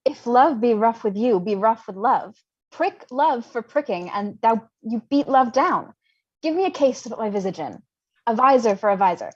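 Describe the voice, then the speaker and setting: A young woman reading the part of Mercutio, a witty, mocking young man, in an unrehearsed livestreamed Shakespeare reading, with brisk and playful delivery. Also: on the high side, expressive, slightly rough, muffled recording. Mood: teasing. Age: young adult. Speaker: volunteer reader.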